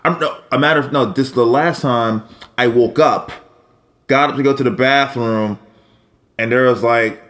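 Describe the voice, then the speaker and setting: Man, mid pitch, casual chat, lively storyteller. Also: moderate pace. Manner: laughing, lively anecdote telling.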